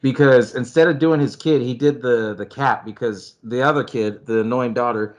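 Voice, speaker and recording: Man, mid-pitched, casual movie chatter, cusses freely, acts scenes out. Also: normal speed, few pauses. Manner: animated and profane, acts out scenes with loud shouts. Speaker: podcast co-host.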